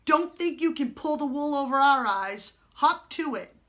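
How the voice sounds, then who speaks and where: A woman voicing a big, boastful male outlaw who talks in loud, rough, rustic speech. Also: high voice, animated, measured pace, voice pushed up. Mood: menacing.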